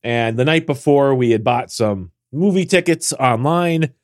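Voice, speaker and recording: A man's voice: medium pitch, a little slow. A man in his forties, co-hosting a podcast in casual chat, tired and congested with a nasal voice, rambling with many restarts. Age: 40s. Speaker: podcast co-host.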